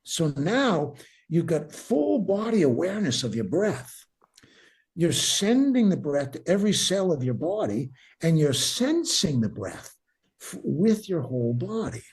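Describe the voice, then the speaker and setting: An older man, a breathwork teacher, calmly leads a guided breathing meditation, repeating his cues as he goes. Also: on the high side, a little slow, breathy edge. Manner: calm, instructive, repeats cues.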